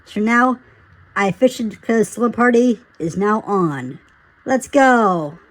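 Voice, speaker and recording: A man voicing a mischievous, excitable male cartoon prankster who hosts a party, in a fan-made cartoon. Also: a little slow. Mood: excited. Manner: hyper, shouty, high-pitched.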